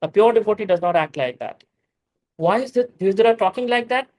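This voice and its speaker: A man with an Indian English accent giving a scripture class. He speaks emphatically, rises to forceful exhortation, chants Sanskrit verses slowly and carefully, and often says "you know" and restarts his sentences. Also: high-pitched, lively intonation, poor audio. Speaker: spiritual teacher.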